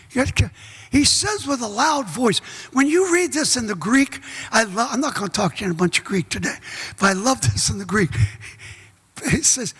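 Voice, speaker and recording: A middle-aged man preaching a sermon as pastor, folksy and joking, bursting into shouts. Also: very high-pitched, slightly rough. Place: large church hall. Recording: echoey church hall.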